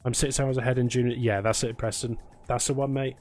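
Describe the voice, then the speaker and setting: A man streams a game and talks easily to his chat, teasing viewers and thanking them by name between moves. His voice sits at an ordinary middle pitch. Soft game music plays faintly behind him. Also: level tone, brisk. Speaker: live streamer. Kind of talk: casual live-stream chat while gaming.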